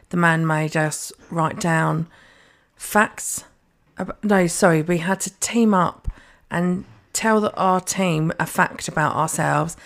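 A woman co-hosting a podcast, ranting in a casual, sweary way and slipping into mock quotes of other people. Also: fairly low pitch. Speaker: podcast co-host. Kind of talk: casual chat.

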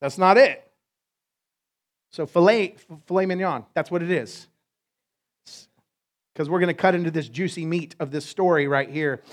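A male pastor preaches to his congregation, cracking jokes and tossing quick asides between points. His voice sits high for a man. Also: steady tone. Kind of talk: sermon.

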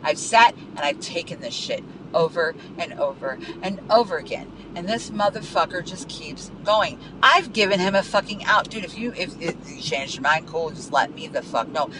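A man's voice: high voice, animated, moderate pace, hardly any pauses, background noise. A man hosting a podcast, venting in a heated, profane monologue from his car and repeating himself as he goes. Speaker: podcast host.

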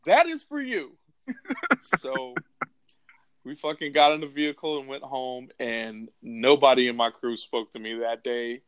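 A man telling a wild story in casual chat, animated and laughing often, with crude slang. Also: mid-range voice, normal speed, clean tone, dry recording.

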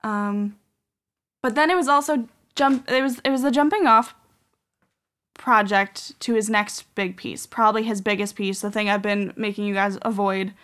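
This podcast host has a medium-pitched, slightly bright voice with fairly even intonation and a moderate pace. Her storytelling is loose and meandering, packed with "um" and "like."

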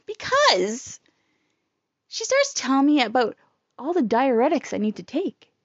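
A woman's voice: high voice, wildly swooping pitch, unhurried, no echo, muffled recording. A woman telling a personal story in a casual, blunt, profane and emotional way.

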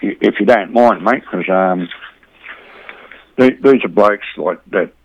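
A man's voice: fairly low pitch, unhurried, breathy edge, dull audio. A middle-aged Australian man chatting casually as an interview guest, rambling a little and dropping "mate" into nearly every sentence. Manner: rambling, says "mate" constantly, blokey banter. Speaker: boxing community volunteer, interview guest.

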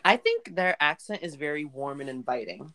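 Lower-voiced woman with an expressive lilt. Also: moderate pace, distant mic, crowd noise. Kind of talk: casual podcast chat.

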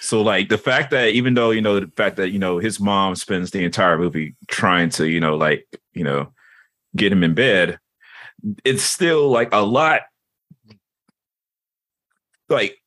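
A man co-hosting a casual podcast chat, chatty and loose as he fills in background. His voice sits on the low side. It is recorded dry and close. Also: a little slow, long pauses, fairly bright tone, dry recording. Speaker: podcast co-host.

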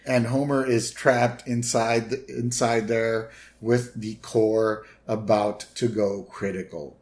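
A man's voice: flat delivery, takes it slowly, darkish tone. A man co-hosting a podcast, casually recapping a cartoon episode and briefly mimicking its characters. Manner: retells scenes, briefly mimicking characters in higher voices. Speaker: podcast co-host.

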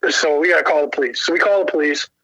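Male storyteller, higher-pitched and bright, casual and cussing, acts out the quotes. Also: rapid-fire, no echo, dull audio. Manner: profane, animated, laughs often, acts out quotes.

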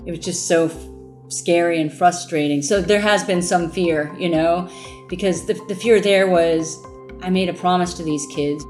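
A woman's voice: lowish voice, moderate pace, faint music behind. Woman telling her story animatedly. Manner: animated, laughing, acts out quotes. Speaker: founder of a mobile book bus. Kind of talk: storytelling interview.

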